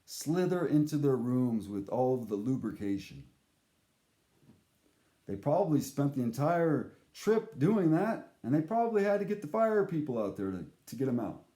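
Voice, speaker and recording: A man's voice: medium pitch, dark tone. Man rambling through a story, echoey room. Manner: rambling, profane, self-interrupting. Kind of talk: casual comic storytelling.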